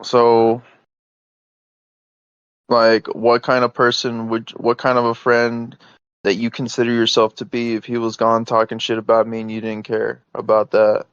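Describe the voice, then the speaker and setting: A man's voice: medium pitch, monotone, a little slow, fairly bright tone, clean tone, dry recording. Insistent man on lo-fi voice chat. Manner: insistent, exasperated, filler-heavy. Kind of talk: heated private voice call. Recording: dull lo-fi voice chat audio.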